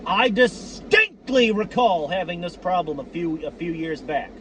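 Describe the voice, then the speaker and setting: A man giving profane, worked-up fan commentary on his team, repeating himself and breaking into shouts. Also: high-pitched, measured pace, a little hiss or hum. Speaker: sports fan vlogger.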